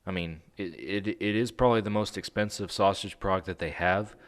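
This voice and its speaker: A man's voice: low voice, fairly quick. A man hosting a podcast, chatting casually and telling a rambling story with lots of fillers and easy laughs. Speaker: podcast host. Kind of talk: casual chat.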